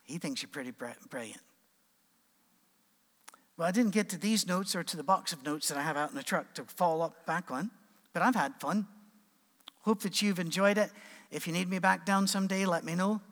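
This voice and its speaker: Middle-aged man, preacher, animated storyteller, fairly high voice, long reverb. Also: moderate pace, long pauses. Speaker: pastor. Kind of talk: sermon with humorous storytelling.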